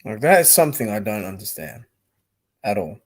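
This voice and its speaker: A man's voice: fairly low pitch, expressive, a little fast, vocal fry, darkish tone, husky. A young man giving casual, rambling live-stream commentary on boxing, blunt and swearing freely.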